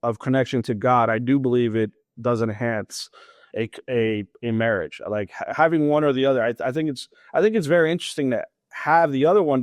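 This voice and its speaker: A man in his thirties, guesting on a podcast, relates his story casually, laughing frequently and acting out conversations in an animated way. His voice is mid-range, and the clean studio sound carries no room sound.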